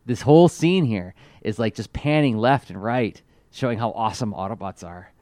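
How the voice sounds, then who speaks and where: A man's voice: on the low side, normal speed, dark tone, no echo. A man co-hosting a casual podcast, talking with enthusiasm and lots of fillers as he reviews a cartoon. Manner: enthusiastic, rambling, many fillers. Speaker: podcast co-host.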